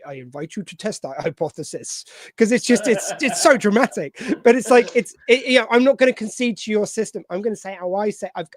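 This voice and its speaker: A man's voice: sits high, no room sound. A man co-hosting a podcast, talking enthusiastically and swearing freely about an episode. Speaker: podcast co-host. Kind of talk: casual chat recapping an episode.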